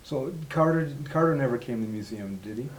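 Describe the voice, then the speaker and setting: A man's voice: mid-range voice, animated, brisk, slight background noise, rough recording. A man interviewing a guest, asking short questions and encouraging him.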